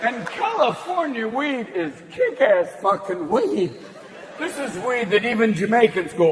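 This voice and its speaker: A man doing stand-up comedy on a theater stage into a handheld mic, manic and shouting, jumping between quick character voices. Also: very high-pitched, big pitch swings. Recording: big hall, loud crowd laughing.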